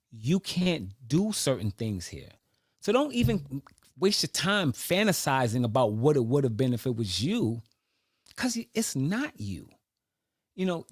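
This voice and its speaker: A man with a slightly raised pitch talks through his thoughts in an unscripted monologue. He pauses, restarts and circles back as he reasons aloud. The sound is dry and close. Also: no room sound. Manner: reflective, searching, with many restarts. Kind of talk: personal monologue.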